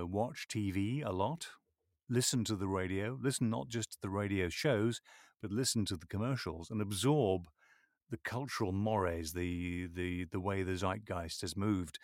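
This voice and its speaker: A man with a low voice talks through his craft at length, musing and joking at his own expense. The sound is dry and close. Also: a little mellow, dry recording. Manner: expansive, thoughtful, self-deprecating humor. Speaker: voiceover artist. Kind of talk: interview answers.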